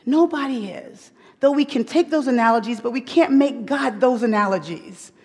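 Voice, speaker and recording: A woman's voice: fairly high pitch, normal speed, husky. Emphatic woman preaching in a reverberant hall. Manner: emphatic, repeats key phrases, swings from loud to hushed. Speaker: women's Bible teacher. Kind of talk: sermon.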